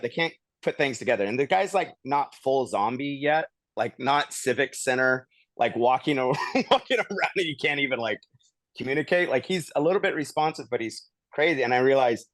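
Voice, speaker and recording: A man's voice: mid-range voice, no room sound. A man hosting a podcast, telling a story casually and animatedly, chuckling and acting out quotes. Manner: animated retelling with laughs and acted-out quotes. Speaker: podcast host. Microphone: studio podcast mic.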